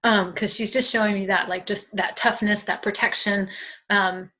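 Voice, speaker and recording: A woman's voice: medium pitch, steady tone, moderate pace, sharp tone, dull audio. A woman giving a spiritual group reading as a medium, chatty and giggly, with many fillers and thanks.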